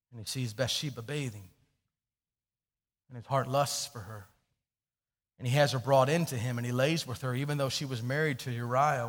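A man preaching a sermon, telling a story and swinging from hushed, low passages to loud, emphatic questions. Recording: long hall reverb.

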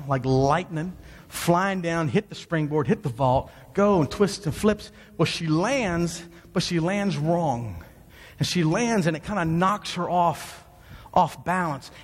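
A man telling a dramatic story to an audience in an animated preaching style, swinging between low, quiet moments and high, excited ones. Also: slightly rough. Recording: long hall reverb.

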